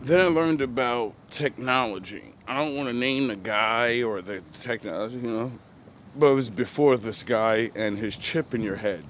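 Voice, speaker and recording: A man's voice: mid-range voice, normal speed, a bit bright. A young man telling a meandering story in a casual monologue, laughing often and swearing freely as he drifts off topic. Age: young adult. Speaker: vlogger. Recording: noisy street background.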